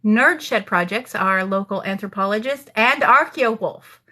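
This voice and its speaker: A woman's voice: medium pitch, measured pace, sharp tone. A woman, a rabbi co-hosting a casual chat. She speaks earnestly and supportively with a dry, mock-solemn humour and frequent fillers. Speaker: rabbi and co-host.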